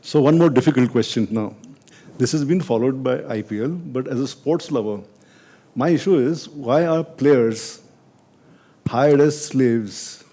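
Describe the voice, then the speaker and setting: A man's voice: medium pitch, unhurried, warm tone, slightly rough. A man from India interviewing a guest on stage, asking direct, pointed questions.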